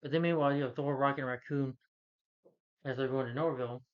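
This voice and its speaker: A man's voice: mid-range voice, steady tone, fast talker, muffled recording. Rambling man recapping a movie plot. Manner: rambling, many fillers and self-corrections. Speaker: film reviewer.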